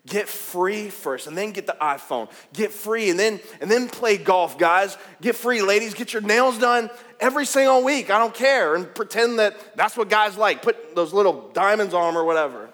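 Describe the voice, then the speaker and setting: Animated, high-voiced preacher man in a reverberant hall. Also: normal speed, few pauses. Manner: animated, jokey, calls out to the crowd. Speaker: pastor. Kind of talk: sermon.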